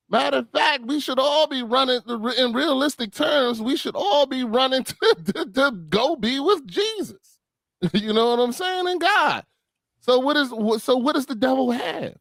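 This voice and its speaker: A man talking about faith in a casual discussion, animated and full of conviction, often restarting his phrases. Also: very high-pitched, normal speed, creaky, no room sound.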